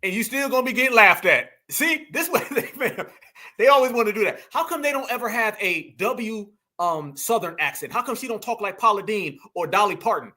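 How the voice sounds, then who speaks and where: A man hosts a live reaction stream in a high, bright voice. He talks emphatically in loose slang, pressing the clips he plays with pointed rhetorical questions. He speaks directly to his chat. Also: lively intonation, brisk. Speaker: host.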